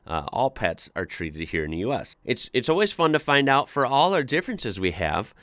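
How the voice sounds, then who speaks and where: An American man hosts a laid-back online reaction video, reading forum posts out loud and riffing on them with plenty of filler words. His mid-range voice has a sing-song lilt, a moderate pace and a fairly bright tone, captured in a dry recording.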